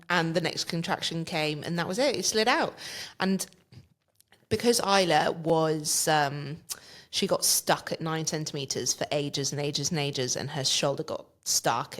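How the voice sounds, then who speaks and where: A woman with a fairly low-pitched voice tells her story in a relaxed, casual way. She brings scenes to life by acting out the other people's lines, and she swears without a second thought. It sounds like an easy podcast conversation. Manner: vivid, swears freely, acts out quoted dialogue. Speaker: podcast guest.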